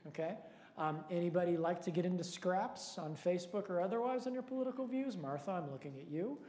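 A man's voice: high-pitched, a little fast, warm tone. Earnest male pastor in echoey hall. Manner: earnest, questioning, lightly joking. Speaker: pastor leading Bible study. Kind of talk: teaching sermon with prayer and questions. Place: large hall with long reverb.

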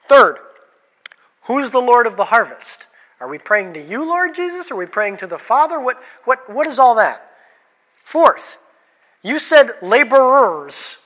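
During an interactive sermon, a very animated male pastor questions his congregation and singles people out by name. He has a high, sharp-toned voice and speaks at a normal pace, with the reverb of a hall in the recording.

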